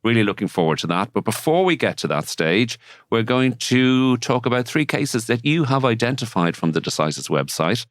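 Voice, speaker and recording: A man's voice: mid-range voice, sing-song, normal speed, no echo. An Irish man hosting a legal podcast in a studio, chatty and wry, with asides and fillers. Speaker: podcast host, barrister and mediator. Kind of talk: casual legal podcast chat.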